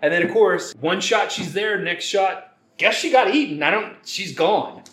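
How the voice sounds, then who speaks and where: Sarcastic guy swearing a lot while roasting a movie, slightly high voice, echoey room. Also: expressive, a little slow, a bit bright. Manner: profane, sarcastic, acts out characters in exaggerated voices. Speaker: podcast co-host. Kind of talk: casual comedic movie riffing. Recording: roomy echo.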